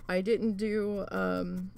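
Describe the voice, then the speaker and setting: A woman chatting through a long work story while crafting, rambling and swearing, with plenty of fillers and quick bursts of acted-out dialogue. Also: mid-range voice, little pitch movement, vocal fry, a little mellow, a little hiss or hum. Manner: rambling, profane, with many fillers; acts out quoted voices in bursts. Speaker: craft vlogger.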